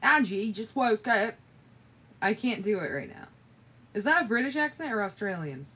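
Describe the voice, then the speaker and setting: In a late-night livestream from bed in her bedroom, a young woman on her phone rambles sleepily and swears casually. Her mid-range voice is animated and sharp in tone, at normal speed, with slightly rough audio.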